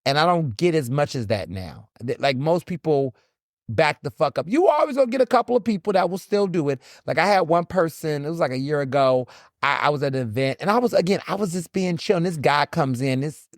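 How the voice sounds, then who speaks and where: With a higher-than-average voice, the Southern host talks briskly and animatedly in casual solo commentary, swearing plenty and reenacting encounters. The studio sound is clean with no echo.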